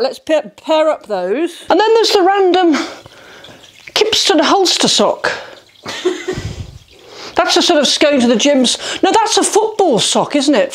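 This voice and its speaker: A middle-aged woman talks her way through a declutter vlog in her bedroom, her voice high and full of swooping ups and downs. She is chatty and exclamatory, and she pokes fun at herself as she goes. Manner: chatty, exclamatory, self-mocking. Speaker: home organising vlogger. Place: bedroom, sorting socks on a bed.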